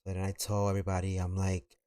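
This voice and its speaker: A man's voice: sits low, completely flat delivery, fast, mellow, smooth, dry recording, clean studio sound. A man telling a story on a live stream in a rambling, slangy way, full of fillers.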